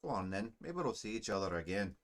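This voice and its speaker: A man's voice: fairly low pitch, sing-song, brisk. A man voicing a grim, bitter male dwarf soldier in a put-on Scottish accent, blunt and gloomy. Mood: gruff.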